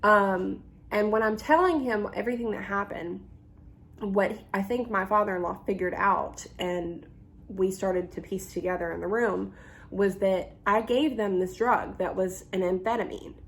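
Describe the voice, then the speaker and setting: A young woman telling a storytime vlog, animated and full of ums, acting out the people she quotes. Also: mid-range voice, a little slow. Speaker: YouTuber. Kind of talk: casual storytime.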